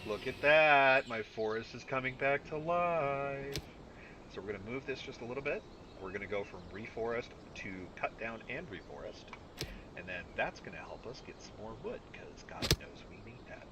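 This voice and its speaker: Lively man narrating his own gameplay. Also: mid-range voice, moderate pace, noisy background. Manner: animated, talks to himself, sudden shouts. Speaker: gaming YouTuber. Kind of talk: casual let's-play commentary.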